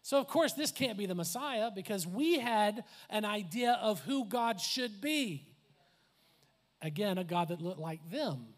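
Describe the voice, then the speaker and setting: A man preaching a conversational sermon as a pastor, animated, with laughs, asides and acted-out quotes. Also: high-pitched, measured pace. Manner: acts out quoted voices.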